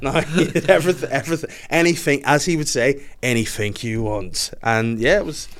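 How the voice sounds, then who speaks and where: A man, telling lively stories on a podcast and laughing often. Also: fairly high pitch, a little fast. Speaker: podcast guest. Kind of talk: casual storytelling chat.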